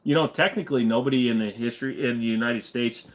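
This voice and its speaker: A man's voice: medium pitch, fast. A man hosting a casual livestream, joking and rambling while answering chat. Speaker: livestream host.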